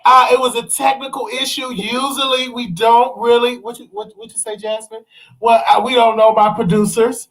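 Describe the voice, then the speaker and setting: A man's voice: very high voice, flat delivery, normal speed, fairly bright tone, low-quality recording. A man hosting a call-in show in an easygoing way, moderating callers. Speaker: host.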